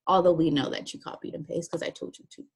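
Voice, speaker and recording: A woman teacher with a slightly husky voice explains a writing task one step at a time. Her voice sits a little low, and her delivery stays plain and practical as she reads out instructions. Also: fairly even intonation, quick pace. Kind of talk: recorded classroom lesson walkthrough.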